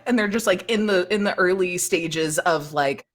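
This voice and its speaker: A woman's voice: fairly low pitch, normal speed, few pauses. A woman running a tabletop game as game master, narrating casually and laughing often.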